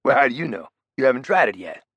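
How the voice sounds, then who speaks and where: A man voicing a brash, profane, big ex-criminal in an audiobook, loud and needling, his pitch jumping up. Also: sing-song, fast talker, husky, no room sound, full character voice. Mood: mocking. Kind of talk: audiobook character voice.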